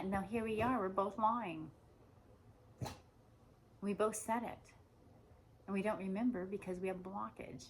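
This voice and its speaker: A woman giving a rambling spiritual monologue, meandering and repetitive, slowing down to stress her points. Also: mid-range voice, fairly even intonation, a little hiss or hum, rough recording. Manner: meandering and repetitive, with slow emphatic stretches. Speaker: spiritual speaker.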